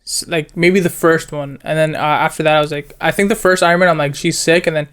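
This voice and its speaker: Laughing, slangy young man with a smooth voice. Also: a little high, fairly even intonation, quick pace, fairly bright tone. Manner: laughing, slangy retelling of scenes. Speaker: co-host. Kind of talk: casual chat.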